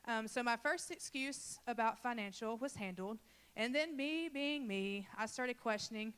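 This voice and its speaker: A woman's voice: fairly high pitch, normal speed, fairly bright tone, clean tone. Earnest woman giving a church testimony. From Louisiana. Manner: earnest and emotional, addressing the congregation directly. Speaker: church children's ministry leader. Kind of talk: personal testimony to a congregation.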